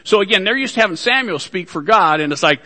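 A man's voice: high-pitched, lively intonation, quick pace, pushed and bright, in a large hall. A man preaching a sermon to his congregation, folksy, with joking asides. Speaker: pastor.

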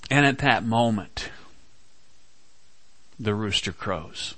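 Slow, bright-voiced male preacher. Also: on the low side, animated, no echo. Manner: slow, dramatic delivery with quoted dialogue. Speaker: pastor. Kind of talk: sermon.

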